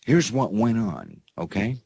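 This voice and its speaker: A man's voice: lowish voice, wildly swooping pitch, unhurried, gravelly, a little mellow, husky. A man hosting an alternative news show, reading headlines with folksy sarcasm and mocking laughter. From United States.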